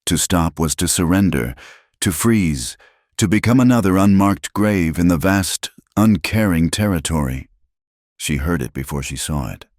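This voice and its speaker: Very deep-voiced male storyteller. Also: lively intonation, darkish tone, no echo, clean studio sound. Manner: measured, dramatic reading. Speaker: narrator. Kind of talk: scripted storytelling narration.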